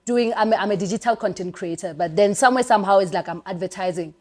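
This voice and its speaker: A woman's voice: medium pitch, fast talker. A young woman with a South African accent, a content creator guest telling stories animatedly in a casual podcast interview and laughing often. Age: young adult.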